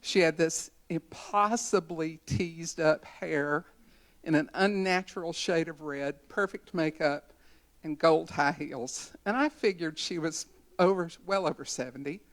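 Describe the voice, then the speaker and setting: A woman's voice: low voice, a little slow. A woman in her sixties, a community educator, giving a storytelling talk at a symposium in a college conference center.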